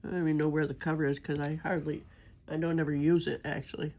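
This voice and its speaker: An older woman chatting casually over her diamond painting, her voice gravelly and rough with the fry of a sore throat. She rambles along in a homey, easygoing way, sick but talkative. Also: sits low, little pitch movement, quick pace, a little mellow. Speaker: crafting vlogger.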